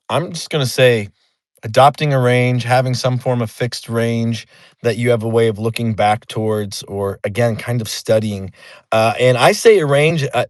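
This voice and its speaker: A man's voice: mid-range voice, no echo. A man hosting a casual chat, swearing freely and tagging his points with "right?". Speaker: host.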